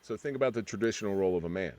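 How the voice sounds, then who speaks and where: Deep-voiced former police officer, dry sound. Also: male voice, a little mellow, dry recording. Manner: earnest, halting with frequent restarts. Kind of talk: candid interview storytelling.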